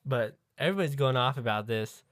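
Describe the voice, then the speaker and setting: A man's voice: medium pitch, lively intonation, quick pace, fairly bright tone, dry recording, clean studio sound. A man co-hosting a podcast, chatting casually in a crude, joking way and laughing often. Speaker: podcast co-host. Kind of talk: casual chat.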